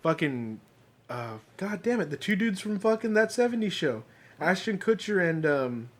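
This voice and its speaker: A man's voice: sits high, big pitch swings, moderate pace. A man co-hosting a casual podcast chat, rambling and swearing, often acting out quotes from shows. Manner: profane, rambling, acts out quotes. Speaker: podcast co-host.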